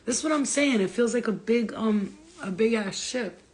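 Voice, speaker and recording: A woman's voice: a little high, moderate pace, breathy edge. A woman on a casual livestream, talking bluntly with lots of swearing and street slang as a spiritual reader.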